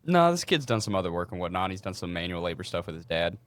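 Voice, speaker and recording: A young man co-hosting a podcast, telling work stories in a casual, animated way and swearing freely. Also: deep voice, quick pace, no echo. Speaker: podcast co-host. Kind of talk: casual storytelling chat.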